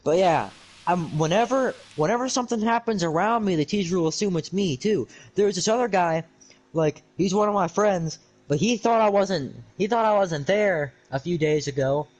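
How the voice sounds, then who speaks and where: A man's voice: sits high, moderate pace, rough recording. A young man telling an exasperated, sarcastic, rambling story on a livestream. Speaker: streamer.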